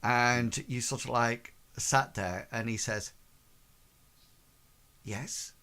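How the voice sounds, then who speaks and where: Guy gm-ing a tabletop game, rambly, lots of sort of like, middle pitch. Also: steady tone, slow pace, pushed and bright, smooth. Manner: rambling, full of "sort of, like" fillers. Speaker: game master.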